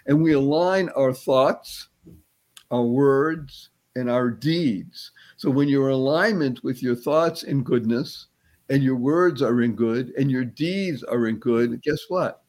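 A man giving an animated, uplifting motivational talk as a guest. He quizzes his listener playfully and slows and stretches words to stress a point. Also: mid-range voice. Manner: playful, teacherly, quizzes the host; spiritual, uplifting tone. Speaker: guest speaker.

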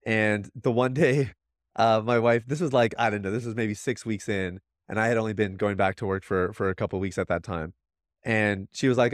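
A man's voice: on the low side, fairly even intonation, fairly quick, no echo, studio quality. A man in his thirties, a podcast guest, talking earnestly and reflectively in casual conversation, with many restarts.

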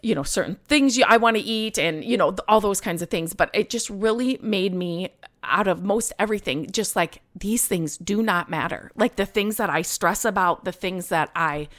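A woman's voice: medium pitch, moderate pace, a bit bright. A woman hosting a podcast, telling a personal story in a rambling, emotional way with many fillers. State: choked up at times. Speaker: podcast host.

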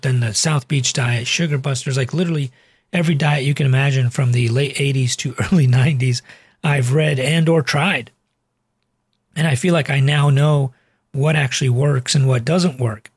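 A man's voice: mid-range voice, husky, dry recording, studio quality. A man in his forties, a cardiologist and weight loss coach, telling a patient story in a chatty, rambling way full of fillers and asides. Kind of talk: casual storytelling monologue to camera.

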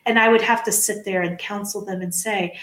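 A woman with a medium-pitched voice talks a little fast on a podcast, earnest and animated as she acts out quotes. Formerly in HR and now a leadership coach, she reinforces points by saying them again. Echo from the room is audible.

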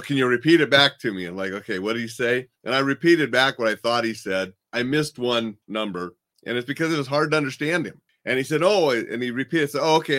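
A man's voice: medium pitch, fairly bright tone. A man hosting a casual chat, telling stories in a blunt, plainspoken way from his home desk. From Montana, United States. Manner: plainspoken, blunt, chatty storytelling. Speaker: host.

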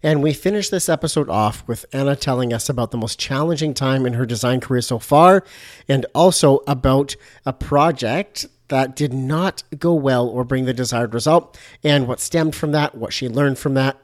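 A man's voice: mid-range voice, lively intonation, moderate pace. A man hosting a podcast, introducing the episode and interviewing a guest in a casual, joking way. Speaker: podcast host.

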